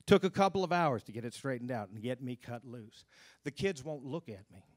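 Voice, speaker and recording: Male stage storyteller, middle pitch, earnest and intimate, dry close recording. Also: expressive, fairly quick, no echo. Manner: earnest, drops to hushed low tones at grim moments. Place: stage at a live storytelling event.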